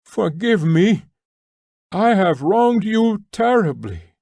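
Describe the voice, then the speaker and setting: A man's voice: on the high side, expressive, slow pace, dark tone, dry recording, clean studio sound, pitched above the performer's own voice, heavily acted. A man doing a stammering remorseful nobleman. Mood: pleading. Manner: stammering, earnest pleading. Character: remorseful young nobleman, halting and tearful.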